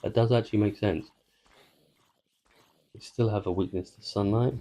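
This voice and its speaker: Deep-voiced man rambling over gameplay. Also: steady tone, normal speed, dark tone. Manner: rambling, self-interrupting joke-telling. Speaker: gaming video creator. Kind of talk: casual let's-play commentary.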